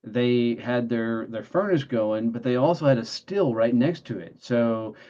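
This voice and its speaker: Middle-aged man, ex-Marine guest, rough lively storyteller, muffled lo-fi audio. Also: mid-range voice, unhurried. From Texas. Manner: animated storyteller who acts out dialogue, salty language. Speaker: guest, entrepreneur and former Marine. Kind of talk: casual storytelling interview. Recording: dull lo-fi sound.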